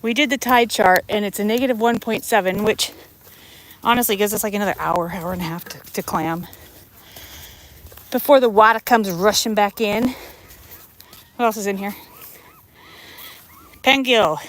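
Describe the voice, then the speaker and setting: A woman's voice: medium pitch, moderate pace, pauses often, a bit bright, a little hiss or hum, low-quality recording. Breathless American woman vlogging outdoors. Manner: chatty, talks straight to viewers while walking. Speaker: livestream vlogger. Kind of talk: casual live-stream chat. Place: outdoors on a tidal bay shore. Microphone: handheld phone. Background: outdoor ambience.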